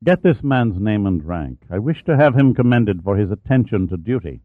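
A man doing a soft-spoken commanding hero. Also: lowish voice, expressive, normal speed, no room sound, phone-quality sound. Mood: cold. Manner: soft, controlled, acid. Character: cool, commanding male adventurer.

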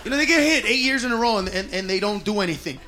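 An American male stand-up comedian riffing loudly and profanely at his audience in a comedy club. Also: sits high, expressive, very fast. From United States. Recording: loud crowd laughter and noise, live club.

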